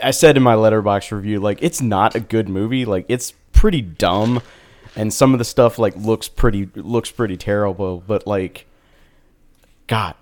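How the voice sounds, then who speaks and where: A man's voice: lowish voice, darkish tone. A man chatting casually about movies as a podcast co-host, rambling with lots of fillers. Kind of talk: casual film chat.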